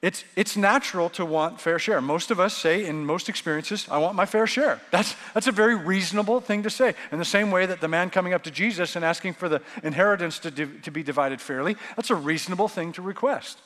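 A male pastor with a high voice delivers a lively, animated sermon and slips into the voices of the people he describes. His words ring out with a long reverb, as in a big church hall. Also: fairly quick, few pauses. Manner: animated, acts out quoted voices.

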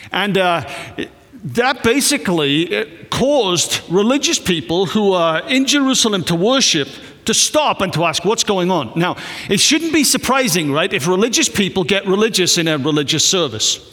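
A man's voice: high voice, fairly bright tone. A man, a pastor, introducing guests to his congregation in a conversational, joking way. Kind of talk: church service introduction. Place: church hall. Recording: long hall reverb.

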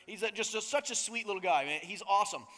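High, bright-voiced pastor in a hall. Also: male voice, fast talker. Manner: casual, joking, conversational, asks the crowd "right?". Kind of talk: sermon. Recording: long reverb of a large hall.

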